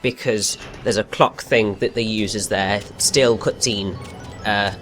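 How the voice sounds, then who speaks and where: Giggly, rambling game co-host. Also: male voice, fairly low pitch, fairly even intonation, unhurried, a bit bright. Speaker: let's play co-host. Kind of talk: casual gameplay commentary. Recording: faint game music behind.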